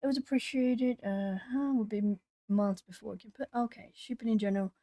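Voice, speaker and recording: A woman hosting a live art-channel stream, chatting casually with viewers and breaking into lively retold exchanges. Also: mid-range voice, fairly quick, no echo. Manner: chatty, talking to chat while colouring; animated when retelling stories. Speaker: YouTube art channel host. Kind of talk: casual livestream chat.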